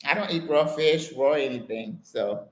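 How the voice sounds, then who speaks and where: A woman's voice: low voice, normal speed. Chatty older woman in an echoey room. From United States. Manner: chatty, animated storytelling with exclamations and laughter. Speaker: host of a live Q&A stream. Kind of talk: casual live-stream chat answering viewer comments.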